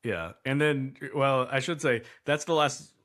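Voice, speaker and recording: A man's voice: medium pitch, a little slow, fairly bright tone. A man co-hosting a casual movie review chat, rambling and restarting his sentences, incredulous at bad writing. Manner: rambling, self-interrupting, incredulous. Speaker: podcast co-host.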